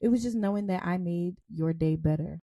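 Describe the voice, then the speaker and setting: A young woman co-hosting a casual podcast, an animated and self-described dramatic storyteller. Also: fairly low pitch, a little fast, no echo. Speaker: podcast co-host.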